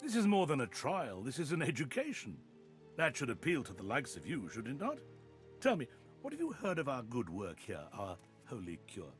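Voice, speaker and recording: An actor playing a cruel, zealous male high judge in a video game, speaking in a silky, condescending way. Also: wildly swooping pitch, moderate pace, soft background music.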